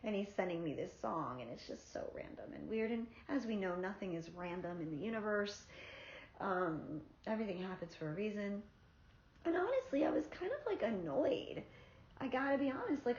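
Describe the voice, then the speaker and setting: A woman vlogger from South Florida telling a personal story in a candid, profane, animated way. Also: mid-range voice, normal speed, a little hiss or hum. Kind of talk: casual storytelling. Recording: roomy, slightly dull sound.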